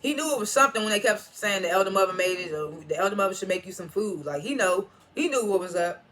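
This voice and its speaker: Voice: medium pitch, lively intonation, quick pace, a bit bright, slight background noise. A reviewer giving a casual, slangy recap of a TV episode, laughing and restarting often. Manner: chatty, slangy retelling with laughter; frequent restarts and repeated names.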